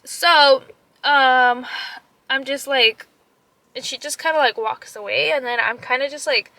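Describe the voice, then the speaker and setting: A young woman and mother retelling an upsetting story in a casual vlog, animated, full of "like" fillers and slipping into Spanish phrases. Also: sits high, measured pace, dry recording. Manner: upset and emotional. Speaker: vlogger.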